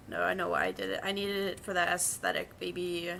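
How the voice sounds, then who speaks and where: Young woman streamer, bright forceful tone, casual profane storytelling at her desk mic, faint hiss behind. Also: fairly low pitch, very animated, brisk, gravelly. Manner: chatty, profane, storytelling with quoted voices. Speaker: vtuber streamer and bank teller. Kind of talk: casual chat while drawing.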